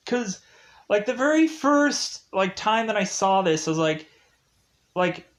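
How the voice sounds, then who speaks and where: A young man with a slightly raised voice recaps a film in a slow, loose ramble. He leans on "like" and restarts, then drops into little acted bits of the characters' lines. The delivery is casual and unscripted. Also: sits high, animated. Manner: rambling, many "like" fillers, acts out lines. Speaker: film reviewer.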